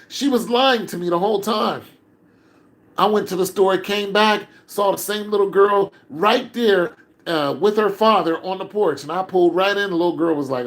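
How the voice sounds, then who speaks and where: An older man delivers a heated monologue in a slightly high voice. He climbs toward shouting when he is upset and falls quiet and tired when he gives up. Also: moderate pace, low-quality recording. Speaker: commentator. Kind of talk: emotional monologue.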